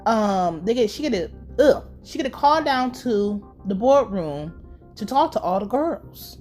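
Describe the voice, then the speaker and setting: A woman's voice: mid-range voice, animated, a little slow, darkish tone, soft background music. A young woman giving a casual, slangy episode recap, ranting with lots of swearing. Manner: profane, slangy, fired-up ranting. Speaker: TV show reviewer.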